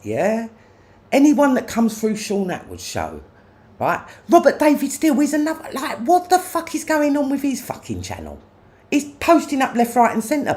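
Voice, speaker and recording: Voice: mid-range voice, darkish tone. A person ranting angrily on a livestream, cursing and confronting others, tagging many lines with "yeah?". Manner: profane, confrontational, repeats "yeah?". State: angry. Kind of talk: angry livestream rant.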